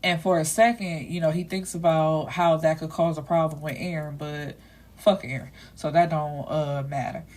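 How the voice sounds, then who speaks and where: A woman's voice: low-pitched, fairly even intonation, moderate pace, darkish tone. A woman book reviewer recapping a novel's plot in a casual, chatty way, with blunt and salty asides. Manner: chatty, leaning on "you know" and "like".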